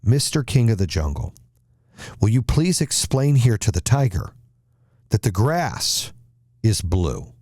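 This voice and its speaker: A stubborn, foolish donkey insists on his point in a spoken fable, voiced by a man. The voice is low but lively, and the recording is close and dry. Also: a little slow, long pauses, dry recording. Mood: insistent.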